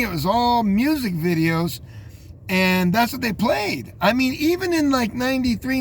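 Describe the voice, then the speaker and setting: A man's voice: high voice, a little hiss or hum. A man in his fifties hosting a casual commentary, rambling with many fillers and restarts. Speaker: host.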